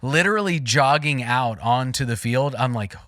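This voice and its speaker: Man, forties, podcast co-host, bright forceful tone, mid pitch, rambling excited storytelling, dry close sound. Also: normal speed, no room sound. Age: 40s. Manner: rambling, excitable, lots of fillers and restarts. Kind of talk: casual storytelling chat.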